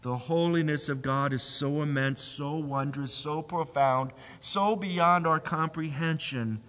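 A man preaching a sermon, emphatic, rising to loud cries and sinking to a low hush. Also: measured pace, in a large hall.

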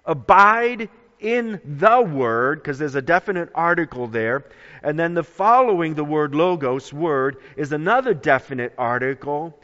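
Male preacher, high animated delivery, unhurried; dull lo-fi sound with long reverb. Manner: dramatic, emphatic, drawn-out phrasing. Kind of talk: sermon.

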